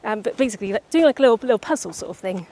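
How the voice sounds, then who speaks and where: A young woman writer chatting casually about her book outdoors by the seaside, a little out of breath and halting, with many restarts. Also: fairly high pitch, expressive, mellow, a little hiss or hum. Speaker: writer vlogger.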